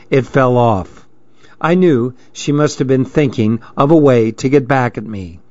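A man reading a story aloud in steady, plain narration. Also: mid-range voice, dry recording. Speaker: audiobook narrator. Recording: dry, dull lo-fi recording.

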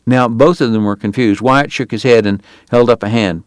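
A man narrating an audiobook in a steady, even storytelling manner. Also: medium pitch, normal speed, few pauses, smooth, no echo, clean studio sound.

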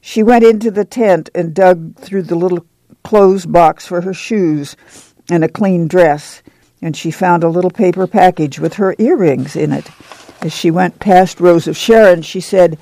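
Gravelly high-voiced male narrator. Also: dark tone, dry recording. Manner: slow, measured storytelling. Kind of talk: audiobook narration.

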